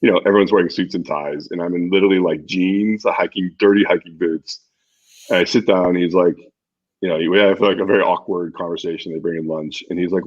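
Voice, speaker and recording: Low-voiced and fast, with the high frequencies cut off, a middle-aged man appears as a podcast guest. He tells stories with animation during the interview, performing the dialogue of the people involved.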